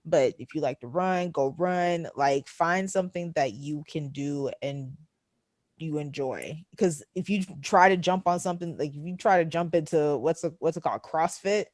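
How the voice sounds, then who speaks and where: A woman's voice: sits low, normal speed, dry recording, studio quality. A woman co-hosting a podcast, chatting casually and animatedly, often acting out little scenes. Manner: animated, laughing, acts out scenes. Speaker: podcast co-host. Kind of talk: casual chat.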